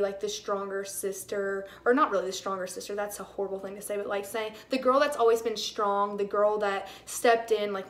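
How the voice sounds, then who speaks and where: A young woman hosting a personal podcast monologue, emotional and rambling, with many "like" fillers. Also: medium pitch. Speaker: podcast host.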